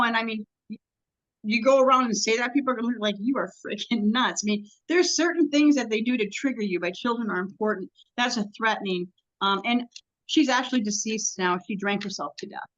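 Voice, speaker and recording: A woman guest in a casual interview, telling a long story in a halting, rambling way with many ums and restarts. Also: fairly high pitch, fairly bright tone, lo-fi sound.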